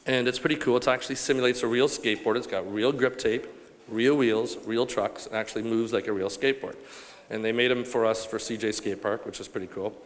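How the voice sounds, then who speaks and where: A man's voice: medium pitch, steady tone, a little fast. A man from Canada giving a rambling, joking award acceptance speech to a live audience. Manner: rambling, joking, self-deprecating, with fillers. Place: large banquet hall. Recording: long hall reverb from a live event.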